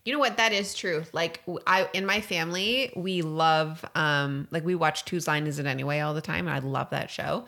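Bright-voiced chatty woman co-host. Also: low-pitched, moderate pace, vocal fry, hardly any pauses. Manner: chatty, lots of likes and restarts. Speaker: podcast co-host. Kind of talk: casual chat.

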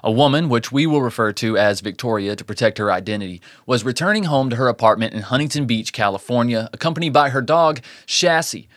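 A man's voice: mid-range voice, animated, fast, few pauses, a bit bright, dry recording, studio quality. A man hosting a true crime podcast, reading the case and breaking off for joking asides. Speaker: podcast host.

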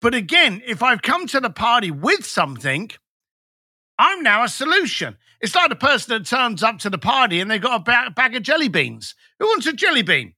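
A man's voice: very high voice, big pitch swings, normal speed, bright, forceful tone, no room sound, studio quality. A man, a business coach talking bluntly and emphatically as a podcast guest. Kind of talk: podcast conversation.

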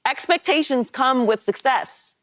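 A woman co-hosting a sports talk show, laying out a measured, reasoned argument. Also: sits high, expressive, fairly bright tone, dry recording, studio quality. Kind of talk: sports debate.

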